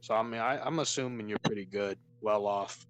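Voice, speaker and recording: A man's voice: fairly low pitch, a little fast, fairly bright tone. A man chatting casually with the host, offhand and laid-back. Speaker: friend commenting on the stream. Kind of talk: casual chat. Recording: noisy background hiss.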